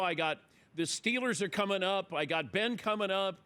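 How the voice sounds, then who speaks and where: A middle-aged man hosting a radio talk show, his speaking voice sitting a little higher than most men's. He tells stories in a relaxed, chatty way. When he acts out the people in them, he jumps into loud, high exclamations. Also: quick pace. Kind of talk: animated storytelling in casual chat.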